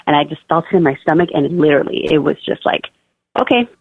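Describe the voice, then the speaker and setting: A woman's voice: low voice, level tone, rapid-fire, breathy edge, dry recording. A young woman, a first-time mother, tells her birth story as an interview guest in a chatty way, full of "like" and "you know". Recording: tinny, dry phone-line audio.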